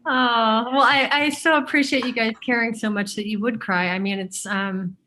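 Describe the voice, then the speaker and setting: A woman speaks as a guest in a relaxed conversation. She is hesitant, often trailing off and filling gaps with "um" as she hunts for words. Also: a little high, moderate pace, a little hiss or hum. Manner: hesitant, searches for words with many fillers. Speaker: interview guest. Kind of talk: casual conversation.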